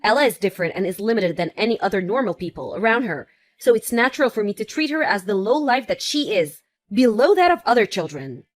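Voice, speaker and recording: A woman's voice: medium pitch, big pitch swings, fast talker, few pauses, natural voice. A woman voicing a cruel, self-centered divorced mother who mocks and taunts in a text-message story. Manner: mocking, self-satisfied. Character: cruel selfish divorced mother, vain and scornful. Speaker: ex-wife.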